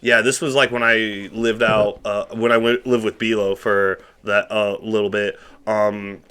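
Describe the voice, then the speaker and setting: Bright-voiced animated man in his late twenties. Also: fairly low pitch, a little slow, clear, resonant tone. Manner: animated storyteller who acts out shouts and quotes. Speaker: podcast co-host. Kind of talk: casual chat among friends.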